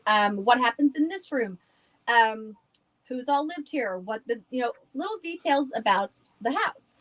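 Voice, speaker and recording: A woman's voice: fairly high pitch, expressive, unhurried, fairly bright tone, low-quality recording. A woman guest on a podcast, chatting casually and rambling with frequent laughs. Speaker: guest, haunted house owner.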